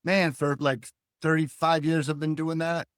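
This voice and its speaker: An older man and guest cartoonist, talking in a reflective, philosophical way and telling animated stories in a relaxed interview. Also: on the high side, normal speed, clear, resonant tone, dry recording, studio quality. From Hull, Massachusetts.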